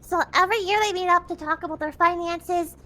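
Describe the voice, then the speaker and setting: A woman's voice: very high-pitched, fairly even intonation, a little fast, bright, forceful tone. A woman hosting a game stream, chatting casually, giggling often and explaining the story to her co-hosts. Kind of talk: casual chat.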